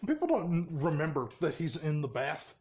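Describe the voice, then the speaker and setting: A man's voice: on the high side, sing-song, moderate pace, a little mellow. A man casually telling a fan story in a rambling, profane way, laughing often.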